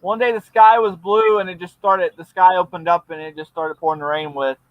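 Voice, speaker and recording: A man's voice: sits high, fairly even intonation, moderate pace, no room sound, phone-quality sound. A man chatting casually on a livestream, telling stories in a laid-back way. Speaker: livestream guest. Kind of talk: casual chat.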